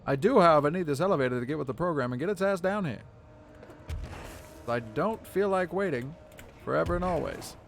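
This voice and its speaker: A man's voice: on the high side, lively intonation, fairly quick, gravelly, long pauses. Sarcastic man streaming a game. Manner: sarcastic, playful, talks to game characters. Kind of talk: live gameplay commentary. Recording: live stream with background game noise.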